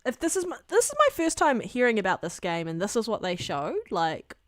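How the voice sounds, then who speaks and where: A woman's voice: medium pitch, sing-song, fairly quick. A woman co-hosting a gaming podcast, chatting in a candid, rambling way and swearing casually. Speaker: podcast co-host.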